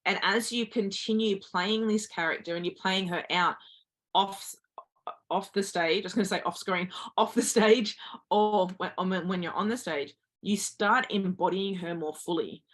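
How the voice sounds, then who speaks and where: A woman's voice: mid-range voice, unhurried, a bit bright. A woman guest giving earnest motivational advice, speaking directly to listeners as a confidence coach.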